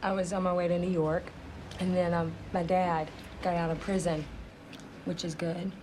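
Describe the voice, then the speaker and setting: An actress playing a naive young woman who works at an ice cream shop, talking in a hesitant, halting way full of ums in a mockumentary interview. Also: on the low side, little pitch movement, a little mellow, a little hiss or hum, close to an everyday voice, poor audio.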